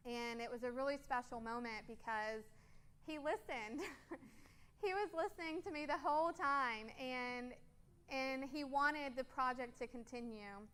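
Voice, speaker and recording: A woman's voice: high-pitched, measured pace, a bit bright, smooth. A woman in her twenties, a guest speaker at a church, telling a personal story over photos in an earnest, casual way with frequent ums.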